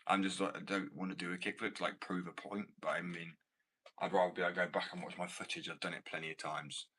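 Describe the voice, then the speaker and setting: A man with an English accent and a low, very bright, cutting voice. He talks in a blunt, rambling, self-assured way, answering viewers' comments in a loose livestream chat, with a faint hiss behind him. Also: level tone, quick pace. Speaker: skater and small business owner.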